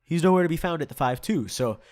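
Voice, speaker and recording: A man's voice: on the high side, expressive, fast talker, a little mellow. A young man with a stuffed-up nose and sore throat, telling a rambling, profane story to his channel and chuckling often. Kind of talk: casual storytime.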